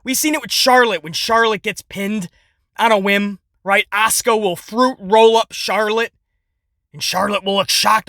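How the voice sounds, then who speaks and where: A man rants through his wrestling commentary with sarcasm and a steady stream of profanity. His voice is bright and sharp, recorded dry and close. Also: high voice, moderate pace, no room sound. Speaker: podcast host.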